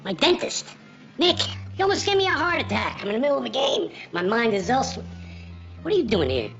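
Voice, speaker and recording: A man's voice: very high voice, very animated, fairly quick, gravelly, fairly bright tone, heavily acted. An actor playing a sly, mocking card-playing boss who toys with a man who owes him money, in a film. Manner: sly, mocking, rambling, wordplay. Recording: dull film soundtrack with faint music.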